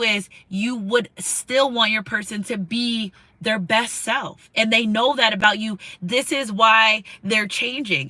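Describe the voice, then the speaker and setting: A woman's voice: a little high, pushed and bright, no echo, low-quality recording. A woman giving a tarot card reading to camera, talking in an emotional, repetitive, casual way with some swearing. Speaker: tarot reader.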